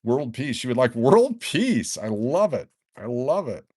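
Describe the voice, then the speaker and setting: Excitable rambling man hosting a live stream. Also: mid-range voice, unhurried, breathy edge, no echo, studio quality. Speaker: livestream host giving away collectible cards. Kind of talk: casual live-stream chat.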